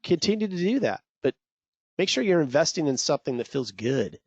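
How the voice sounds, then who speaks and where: A man's voice: on the high side, big pitch swings, fairly quick, darkish tone, dry recording, lo-fi sound. A man coaching traders in a live webinar, talking straight to viewers in a salesy, pumped-up way. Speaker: trading coach presenting a webinar. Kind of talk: energetic live webinar teaching.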